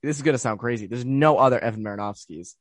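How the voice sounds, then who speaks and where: A man co-hosting a sports podcast, talking in an easygoing, joking way with halting restarts. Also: mid-range voice, no room sound. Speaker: podcast co-host. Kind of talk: casual sports podcast chat.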